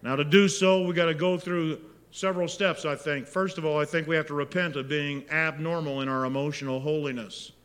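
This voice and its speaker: A man preaching a sermon as pastor, moving between hushed, intimate prayer and loud, impassioned exhortation. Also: a little high, steady tone, fairly quick, clear, resonant tone. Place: church sanctuary. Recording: long reverb of a large hall.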